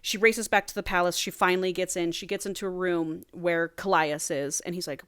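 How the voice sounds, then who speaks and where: A woman's voice: fairly low pitch, clear, resonant tone, no echo. Woman cohost gushing thru a book recap, acts out all the lines, dry mic. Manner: animated retelling, quick voiced quotes of characters. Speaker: podcast co-host. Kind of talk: casual book recap chat.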